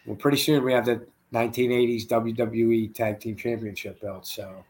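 A man's voice: medium pitch, flat delivery, moderate pace, a little mellow, slightly rough. A man hosting a podcast, tired and laid-back, rambling casually and swearing. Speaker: podcast host. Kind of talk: casual chat.

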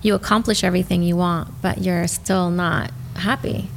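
A woman's voice: on the low side, steady tone, normal speed, vocal fry, a little hiss or hum. A woman hosting a podcast interview, talking sympathetically and reflectively. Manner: sympathetic, reflective, frequent backchannels. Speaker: podcast host.

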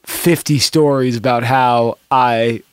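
A man hosting a podcast in a casual chat, laid-back and quick to laugh. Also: mid-range voice, fairly even intonation, clean tone, no room sound, clean studio sound. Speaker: podcast host.

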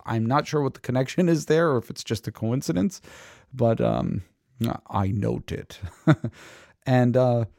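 Gravelly dry-voiced man explaining scripture. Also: mid-range voice, mellow, dry recording. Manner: conversational, many fillers and restarts. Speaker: Bible teacher. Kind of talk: casual Bible commentary.

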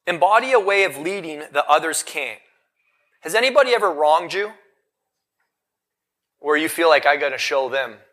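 Male motivational speaker, thirties, live seminar, bright voice pitched a little high, punchy questions to the crowd. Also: moderate pace, long pauses. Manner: energetic, rhetorical questions to the audience. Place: event hall in front of a live audience.

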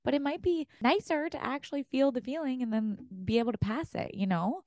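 A woman's voice: sits high, lively intonation, brisk, darkish tone, dry recording, clean studio sound. A woman co-hosting a podcast, asking pointed follow-up questions and reflecting openly on her own feelings. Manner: probing, self-reflective, swears. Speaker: podcast co-host. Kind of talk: casual chat.

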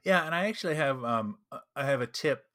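Guy giving gm tips, bright punchy voice, keeps saying right?, dry mic. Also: mid-range voice, a little fast, no echo. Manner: animated, explanatory, checks in with "right?". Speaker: podcast co-host, game master. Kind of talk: casual chat.

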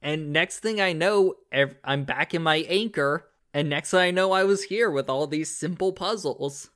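A man's voice: a little high, moderate pace, a bit bright, close to an everyday voice. A man voicing the friendly ghost of a male Civil War soldier, talking in a chatty, easygoing and jokey way.

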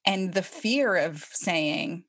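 A woman's voice: fairly low pitch, lively intonation, slow pace, no echo, clean studio sound. Reflective woman podcast host. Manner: warm, reflective, thoughtful phrasing. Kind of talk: casual interview conversation.

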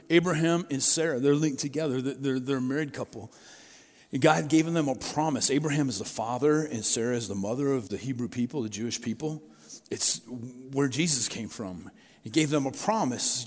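A man's voice: mid-range voice, moderate pace, a little mellow. Middle-aged pastor guy preaching, chatty storytelling, big hall echo. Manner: conversational storytelling with personal asides. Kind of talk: sermon. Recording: long reverb of a large hall.

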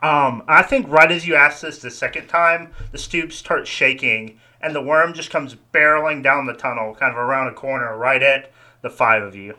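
Game master, male, easygoing rambling narrator with a very bright tone. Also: mid-range voice, moderate pace. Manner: relaxed, rambling, hedging.

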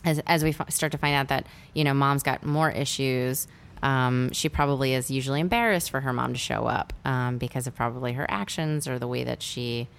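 A woman's voice: very deep voice, brisk, creaky, smooth. A woman casually recapping a film scene by scene, acting out the characters' lines as she goes. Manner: animated storyteller who acts out quoted lines. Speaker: film discussion co-host.

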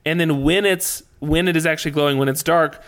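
A man's voice: fairly high pitch, a little fast. A man co-hosting a casual podcast, gushing about an art print and reading a listener review. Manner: excitable, rambling, laughs often. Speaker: podcast co-host.

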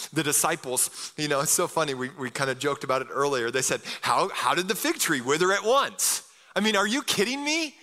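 A man preaching a sermon with an energetic, casual delivery and frequent calls of "amen?" to his listeners. His voice sits a little high for a man and comes across bright and forceful. A long reverb trails after his words, as in an echoey church hall. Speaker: pastor.

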